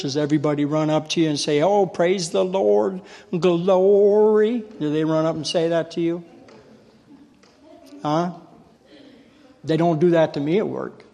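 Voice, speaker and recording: A man preaching a sermon in a folksy storytelling way, calling on the congregation to answer and growing loud when fired up. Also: on the high side, vocal fry. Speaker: lay preacher. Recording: long hall reverb.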